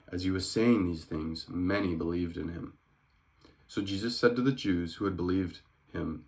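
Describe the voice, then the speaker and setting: Low-voiced man reading scripture casually. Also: moderate pace. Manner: relaxed, joking asides, stumbles and laughs. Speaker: reader.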